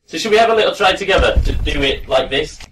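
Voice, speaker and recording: A man teaching a pronunciation class to students in a classroom, relaxed and encouraging. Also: on the high side, quick pace, a little hiss or hum. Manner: relaxed, encouraging, demonstrates sounds. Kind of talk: classroom lesson. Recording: distant mic in a classroom.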